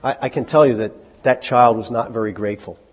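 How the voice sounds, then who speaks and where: A man's voice: mid-range voice, fairly even intonation, in a large hall. A male pastor preaching a sermon in a conversational way, asking his congregation questions and acting out bits of dialogue. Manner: acts out short dialogue in quick voices. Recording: muffled lo-fi recording.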